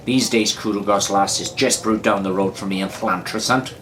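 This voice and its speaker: A man's voice: lowish voice, fairly even intonation, moderate pace, fairly bright tone, slight background noise. Chatty Welsh man reviewing beer. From Wales. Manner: chatty and rambling, repeats himself, wanders into anecdotes. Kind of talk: casual beer review vlog.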